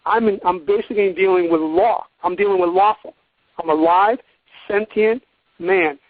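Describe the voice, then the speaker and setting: His voice is high and his speed normal, with no echo on the thin, dry phone line. The man is a call-in program's guest teacher who lectures forcefully while dramatizing courtroom dialogue.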